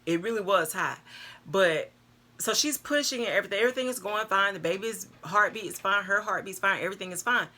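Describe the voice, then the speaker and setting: Bright-voiced woman telling a story. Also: medium pitch, brisk. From North Carolina, US. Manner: animated, addresses viewers as girl and y'all. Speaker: vlogger. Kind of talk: casual storytelling to camera.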